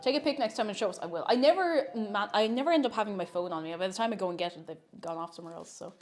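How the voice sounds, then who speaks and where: A woman's voice: medium pitch, lively intonation, rapid-fire, soft background music. A young woman streaming from her home kitchen, chatting playfully and casually while she bakes. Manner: chatty and playful, coos in baby talk to a cat. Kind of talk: casual livestream chat while baking.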